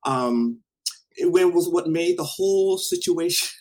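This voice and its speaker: A husky-voiced man telling a story in a casual chat. His pitch swings widely as he acts out the voices of the people in it. He swears now and then and talks loosely. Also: a little slow, poor audio. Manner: animated, acts out quotes, swears.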